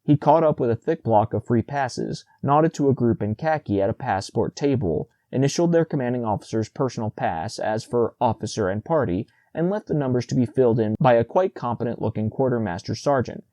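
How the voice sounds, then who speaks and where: Mellow male audiobook narrator. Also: mid-range voice, expressive, a little fast, hardly any pauses, no room sound.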